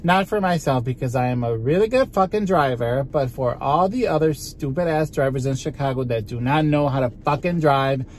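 A man's voice: medium pitch, normal speed, few pauses, darkish tone, slight background noise. A man vlogging casually to his viewers, chatty and frustrated, swearing a lot while out on a drive. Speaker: vlogger and singer. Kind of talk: casual vlog talk to camera. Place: in a car on a drive.

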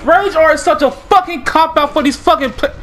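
A male streamer ranting profanely during a fighting game, shouting in frustration. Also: extremely high pitch, fairly quick, a little hiss or hum. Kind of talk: angry gaming stream rant.

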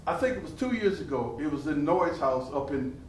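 An older man, performing as a potter and telling lively, laughing stories to a live audience. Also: a little high, a little fast, a little hiss or hum. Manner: animated, laughing storyteller with repeated phrases. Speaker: living history performer and potter. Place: museum hall with an audience. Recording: roomy hall, voice from a distance.

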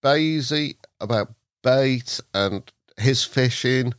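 Male podcast guest, English, lively storyteller who does voices, dry studio sound. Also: medium pitch, takes it slowly, clear, resonant tone, no echo. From England. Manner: lively, acts out voices in his stories, laughs often. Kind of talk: anecdotal storytelling.

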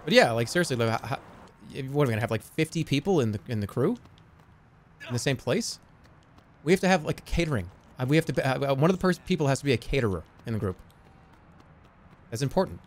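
A man's voice: medium pitch, very animated, quick pace, pauses often. Rambling, stammering male streamer. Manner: rambling, stammering restarts, frequent swearing. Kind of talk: casual chat while gaming.

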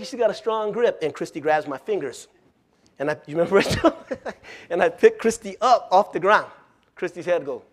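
Man, pastor, folksy sermon, animated storytelling, laughs often, fairly high voice. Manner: folksy, plain-spoken.

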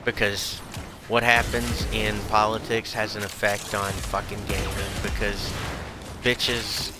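A man's voice: on the low side, level tone, takes it slowly, loud music behind the voice. Profane man ranting heatedly. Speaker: streamer. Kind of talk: angry ranting while gaming.

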